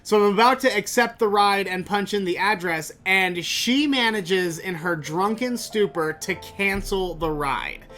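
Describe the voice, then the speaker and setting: A man hosting a podcast, telling a story in an animated, exasperated way and swearing freely. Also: high voice, measured pace, hardly any pauses, soft background music. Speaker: podcast host. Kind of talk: casual storytelling monologue.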